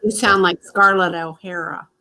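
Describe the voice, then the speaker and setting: A woman from Missouri hosting a casual group stream, easygoing and quick to laugh. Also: lowish voice, steady tone, sharp tone. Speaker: host.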